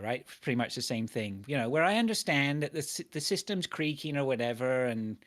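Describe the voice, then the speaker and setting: A man hosting a podcast, swearing freely as he rants through an everyday story. His voice sits at an ordinary pitch, and the talk is loose and conversational. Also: animated, fairly quick, hardly any pauses. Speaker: podcast host. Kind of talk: casual chat.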